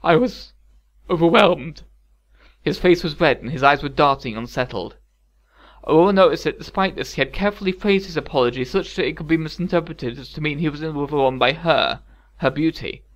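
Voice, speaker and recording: A man narrating a fairy-tale story calmly with wry asides. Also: on the high side, fairly quick. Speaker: audiobook narrator. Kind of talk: scripted narration.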